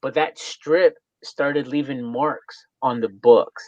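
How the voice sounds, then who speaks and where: A man's voice: mid-range voice, steady tone, takes it slowly, darkish tone, dry recording, lo-fi sound. A man in a casual chat, hesitant and searching for words as he explains.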